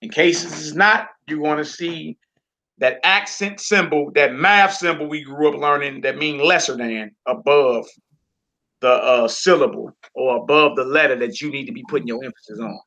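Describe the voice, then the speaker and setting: A man teaching a casual homeschool Hebrew lesson, slowly drawing out and repeating each word for his students. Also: on the high side, pushed and bright.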